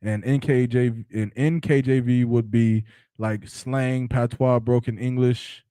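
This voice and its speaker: A man's voice: medium pitch, steady tone, measured pace, warm tone, clean tone, dry recording. A man hosting a podcast, talking loosely in slang and joking around with his co-hosts. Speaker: podcast host. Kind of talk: casual podcast chat.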